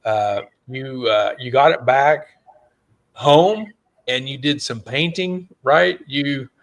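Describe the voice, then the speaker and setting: Man, host, slow unhurried delivery, easygoing, brief agreeing remarks. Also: mid-range voice. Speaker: show host. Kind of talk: casual interview chat.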